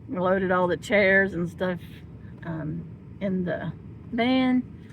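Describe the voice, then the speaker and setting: A woman's voice: fairly low pitch, lively intonation, slow pace, creaky, narrow, tinny audio. A woman vlogging from inside a vehicle and cooing at her dogs in baby talk. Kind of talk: casual vlog chat. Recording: loud vehicle noise behind.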